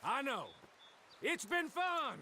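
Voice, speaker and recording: An actor playing a sly, smug outlaw villain in a video game. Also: male voice, very high-pitched, sing-song, takes it slowly, sharp tone, a little hiss or hum, full character voice.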